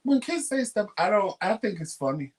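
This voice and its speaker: A talk-show co-host chatting casually, telling stories with lively acted-out quotes and slangy speech. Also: mid-range voice, normal speed. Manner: animated storyteller acting out quotes. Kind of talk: casual chat.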